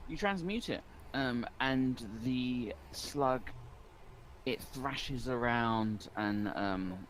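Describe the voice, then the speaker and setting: A man's voice: mid-range voice, extremely slow, a bit bright, slight background noise, rough recording. A man narrating a tabletop game as game master, describing monsters and calling for rolls.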